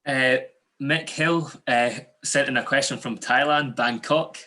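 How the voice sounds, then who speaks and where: A man's voice: medium pitch, fairly even intonation, a little slow, bright, forceful tone. A man reading out viewer questions in an interview, hesitant and starting with "uh".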